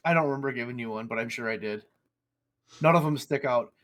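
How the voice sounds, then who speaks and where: A man co-hosting a casual podcast chat, who swears freely and laughs through animated stories. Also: medium pitch, fast talker. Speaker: podcast co-host.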